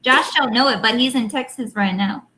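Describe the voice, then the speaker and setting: Woman with a bright kinda high voice, bantering on a stream, faint hiss behind. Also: normal speed. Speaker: co-host of a live stream. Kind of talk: casual live-stream chat.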